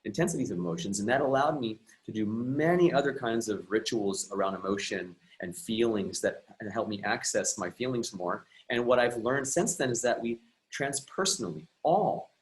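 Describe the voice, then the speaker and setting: A man's voice: on the low side, animated, normal speed, few pauses, poor audio. A man speaking as a guest coach who tells a personal story earnestly and reflectively, often restarting his sentences. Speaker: guest, emotional and relationship coach.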